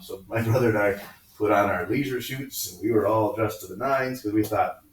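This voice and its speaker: A man in his fifties, a teacher, telling family stories in casual class talk and acting out the people he quotes in squeaky high voices. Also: steady tone, fairly quick, slight background noise. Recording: echoey classroom from far off.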